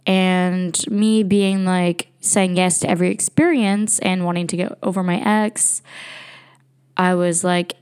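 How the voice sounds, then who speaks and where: A woman's voice: fairly low pitch, steady tone, normal speed, a little mellow, clear, resonant tone. A young woman hosting a podcast, telling a candid, rambling story in casual monologue with frequent laughs and fillers. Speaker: podcast host. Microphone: home computer recording.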